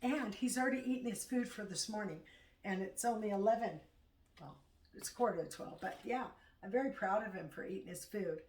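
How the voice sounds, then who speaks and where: A middle-aged woman chatting casually at home in a vlog, rambling and halting as she talks. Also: mid-range voice, darkish tone. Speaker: vlogger. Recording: echoey room, far from mic.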